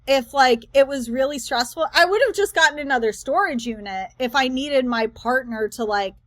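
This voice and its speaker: Woman host, high voice, rambling reaction commentary, dry close sound. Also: normal speed, no echo. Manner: chatty, rambling, animated asides.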